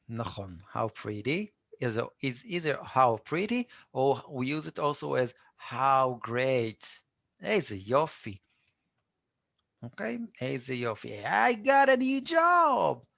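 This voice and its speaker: Male tutor, patient drilling style, gravelly tone, dead-dry room. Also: medium pitch. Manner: patient, repeats phrases for students to echo. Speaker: Hebrew teacher. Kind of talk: live online language lesson.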